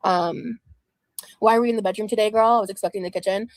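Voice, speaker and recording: A woman's voice: mid-range voice, fairly even intonation, fast, no echo. A woman streamer chatting casually and loosely, laughing now and then. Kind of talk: casual chat.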